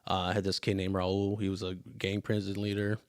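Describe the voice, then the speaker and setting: A young man hosting a podcast, telling his life story in an earnest, halting way that turns emotional. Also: low voice, completely flat delivery, smooth, dry recording, clean studio sound. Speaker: podcast host. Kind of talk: casual chat.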